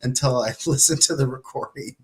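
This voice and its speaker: A man's voice: mid-range voice, brisk, a little mellow, breathy edge. A man, an author hosting the talk, chatting casually in an upbeat way and laughing often. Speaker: author and host. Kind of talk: casual chat.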